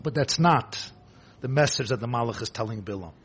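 A man giving an impassioned sermon, repeating phrases and swinging between hushed and loud delivery. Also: medium pitch, fairly quick, breathy edge.

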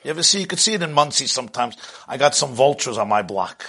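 A man giving a sermon as a religious teacher, animated, swinging from hushed asides to loud bursts and laughing at his own jokes. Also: medium pitch, fast talker, breathy edge.

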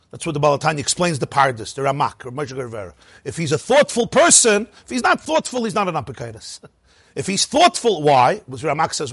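A man teaching a lively Torah class, asking rhetorical questions and chuckling at his own points. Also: on the high side, fast talker, breathy edge, no echo.

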